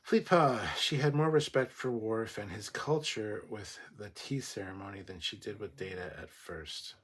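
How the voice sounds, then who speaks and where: A man's voice: lowish voice, moderate pace, a bit bright. A man hosting a casual livestream, reading chat comments aloud and giving blunt, opinionated replies with plenty of swearing.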